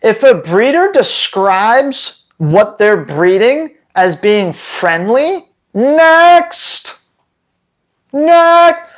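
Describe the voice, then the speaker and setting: A man's voice: sits high, sing-song, slow pace, hardly any pauses, lo-fi sound. A dog trainer talking to his viewers in a casual, sarcastic rant, with emphatic, rambling delivery. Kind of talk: casual opinion rant to camera.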